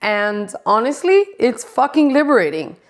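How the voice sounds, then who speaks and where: A woman's voice: a little high, big pitch swings, moderate pace. A woman in her forties chatting casually to camera, blunt, sassy and full of profanity. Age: 40s. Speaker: vlogger.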